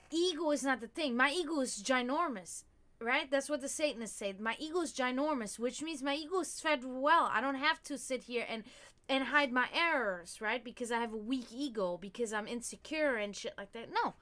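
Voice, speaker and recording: Bright, outspoken woman chatting on stream. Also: high-pitched, moderate pace. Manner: candid, profane, rambling with many fillers. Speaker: livestream host. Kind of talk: casual livestream chat.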